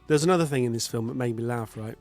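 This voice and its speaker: A man's voice: mid-range voice, racing, darkish tone, soft background music. A man co-hosting a casual film review podcast, joking dryly and restarting his sentences. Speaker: podcast co-host.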